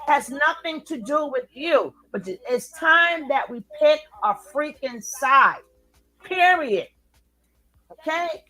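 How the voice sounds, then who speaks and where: High, bright-voiced woman ranting angrily. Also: animated, slow pace, low-quality recording. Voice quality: loud, profane, ranting. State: angry, worked up. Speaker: commentary channel host. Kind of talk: heated reaction commentary.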